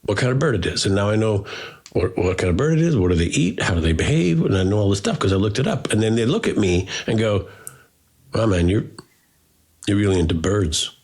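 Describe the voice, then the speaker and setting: A man co-hosting a podcast, telling animated stories with mock indignation. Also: on the low side, quick pace, husky. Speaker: podcast co-host. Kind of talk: casual chat.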